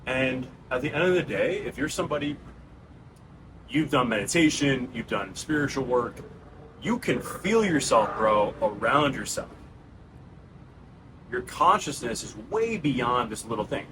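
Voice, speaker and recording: A man's voice: mid-range voice, big pitch swings, a little slow, background noise. A man in his thirties with a New York accent, giving an earnest, casual monologue to his viewers and calling them bro and guys. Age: 30s. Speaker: channel host. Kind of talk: raw personal monologue to camera.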